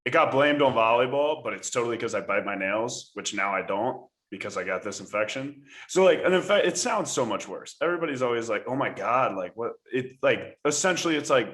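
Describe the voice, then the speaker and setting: An American man co-hosting a podcast, telling a story in a casual, animated way with laughs. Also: mid-range voice, brisk, few pauses. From United States. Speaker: podcast co-host. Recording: roomy echo.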